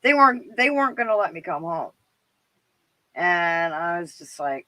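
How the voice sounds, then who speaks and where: A woman's voice: fairly low pitch, sing-song, normal speed, sharp tone, no echo, poor audio. A middle-aged Canadian woman with a Canadian accent hosting a live stream, chatting casually and rambling with lots of fillers and laughs. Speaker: livestream show host.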